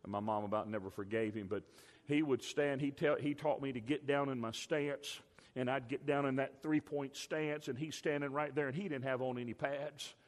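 A middle-aged man preaching a sermon, telling stories with emphatic swings between loud and quiet. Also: mid-range voice, normal speed. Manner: animated storytelling, emphatic swings in loudness. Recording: long reverb of a large hall.

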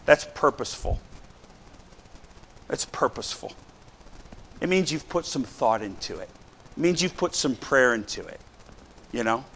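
A middle-aged man preaching a sermon to his congregation, chatty and animated, full of rhetorical questions and asides. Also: mid-range voice, measured pace, vocal fry, long pauses, a little hiss or hum. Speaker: pastor. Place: church sanctuary.

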